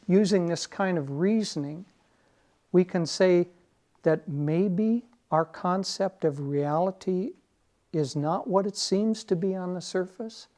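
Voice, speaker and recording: A man's voice: fairly high pitch, dark tone. A man as spiritual teacher giving a conversational, lightly humorous talk.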